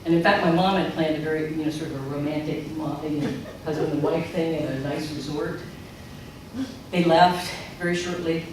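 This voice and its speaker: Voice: medium pitch, fairly quick. Middle-aged preacher in an echoey hall. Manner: animated storyteller who acts out remembered quotes. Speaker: speaker at a spiritual center service. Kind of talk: personal storytelling sermon. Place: large church sanctuary. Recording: echoey hall from far off, noisy.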